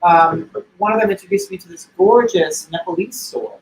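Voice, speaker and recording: On a casual livestream, a co-host with a high-pitched voice spins stories at a moderate pace, gushing and talkative. Faint ambience and echo fill the room.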